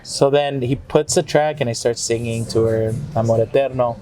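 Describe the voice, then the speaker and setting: A man's voice: medium pitch, normal speed. A man who sings mariachi, a podcast guest, telling a story with Spanish phrases mixed in and acting out the people he quotes. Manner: animated, acts out quoted people in raised voices. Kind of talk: storytelling in an interview. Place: restaurant. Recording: clear background music.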